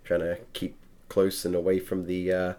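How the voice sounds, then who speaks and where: A very low male voice guiding players through a tabletop game. He hesitates often and fills gaps with ums and uhs while he describes the scene. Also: monotone, moderate pace, mellow. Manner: hesitant, many fillers. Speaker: game master.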